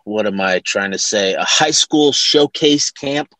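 A man co-hosting a sports podcast, chatting casually and often pausing to search for words. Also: on the low side, animated, a bit bright, no room sound. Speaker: podcast co-host.

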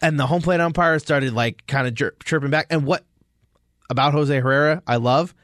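A male co-host of a casual sports podcast speaks at a moderate pace in a voice on the high side, with no echo and studio-quality sound. He tells stories with great energy, acting out the quotes.

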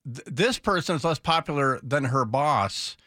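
A man's voice: medium pitch, lively intonation, moderate pace, sharp tone, dry recording, studio quality. A male talk radio host giving casual, sarcastic political commentary. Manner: sarcastic, mocking.

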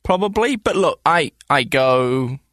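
A man's voice: a little high, animated, unhurried, fairly bright tone, no echo, clean studio sound. A man in his thirties co-hosting a podcast, bantering casually and playfully defending himself. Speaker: podcast co-host. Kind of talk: casual chat.

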